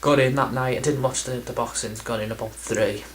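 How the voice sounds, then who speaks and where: Man, casual vlog chat, rambling, self-deprecating, middling pitch, faint background hum. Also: fairly even intonation, fairly quick, fairly bright tone, low-quality recording. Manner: rambling, self-deprecating, lots of ums and restarts. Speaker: video game collector vlogger.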